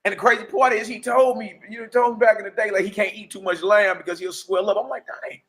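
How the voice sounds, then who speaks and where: This fast-talking man in his forties has a high voice and runs a livestream, offering an informal, preachy testimony. His delivery is lively and slangy, peppered with "you dig?"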